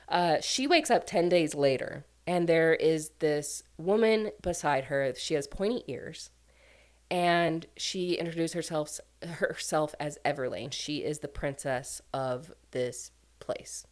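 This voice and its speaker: A woman's voice: low-pitched, unhurried. A woman casually recapping a book plot as a reviewer, chatty and full of "like" and "um" fillers. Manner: chatty, filler-heavy, lots of "like" and "um".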